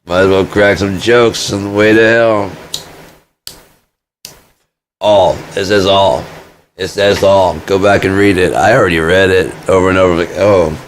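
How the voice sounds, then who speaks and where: A man's voice: low-pitched, fairly even intonation, a little slow, long pauses. Man, rambling monologue, foul-mouthed, self-mocking, faint background noise. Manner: profane, joking, self-mocking. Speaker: vlogger.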